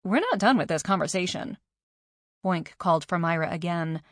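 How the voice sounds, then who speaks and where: Low-voiced female audiobook narrator. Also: lively intonation, moderate pace, a bit bright, dry recording, studio quality. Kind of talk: first-person scripted narration.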